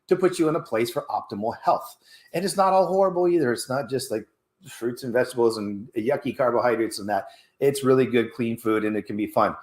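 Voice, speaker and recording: Animated fitness coach in an echoey room. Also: male voice, fast talker. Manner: animated, coaching, acts out little exchanges in a higher voice. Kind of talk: motivational casual talk.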